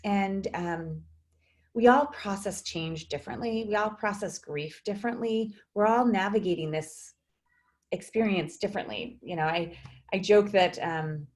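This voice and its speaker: A woman's voice: medium pitch, measured pace. A woman psychologist, a guest in a video interview, speaking thoughtfully with frequent fillers and restarts.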